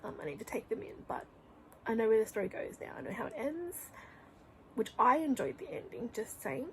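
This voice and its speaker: A woman's voice: fairly high pitch, sing-song, a little fast, low-quality recording. Gushing young woman vlogging about books. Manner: gushing, rambling, often drops to a whisper. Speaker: book vlogger. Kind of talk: casual reading vlog chat. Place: home room.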